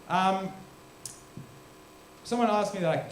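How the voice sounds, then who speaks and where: A man's voice: sits high, normal speed, long pauses, a little hiss or hum. A young man from South Africa doing a crude, rambling, self-deprecating stand-up set on a live stage into a handheld mic. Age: young adult. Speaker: stand-up comedian. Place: large room or hall, live stage. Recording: echoey hall.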